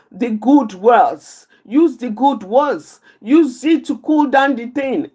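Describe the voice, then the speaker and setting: Woman speaker, unhurried and deliberate, repeats each point for emphasis while teaching a live group. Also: a little high, dark tone, slightly rough. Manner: repeats key phrases, slow and emphatic, points out positions with her hands. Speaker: outreach speaker teaching anger management.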